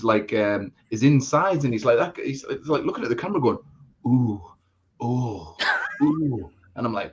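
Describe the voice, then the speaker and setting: A man's voice: mid-range voice, husky. Blunt, sweary man on dull audio. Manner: blunt, swears freely, rambling restarts. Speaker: co-host. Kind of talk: casual live chat.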